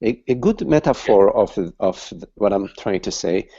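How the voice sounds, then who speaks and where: A man giving a satsang talk as a spiritual teacher, speaking slowly and haltingly and repeating words as he searches for them, over dull online call audio. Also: lowish voice, lively intonation, mellow.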